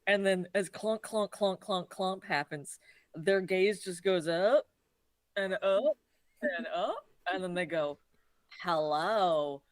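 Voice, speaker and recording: A woman's voice: medium pitch, unhurried, dry recording. A woman playing a tabletop game, rambling casually and in character. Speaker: player.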